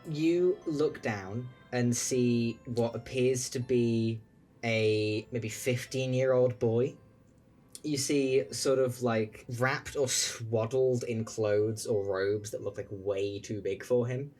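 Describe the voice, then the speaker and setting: A man's voice: mid-range voice, steady tone, slow pace, darkish tone, faint music behind. A man running a tabletop game as game master, narrating loosely with lots of "like" and "sort of".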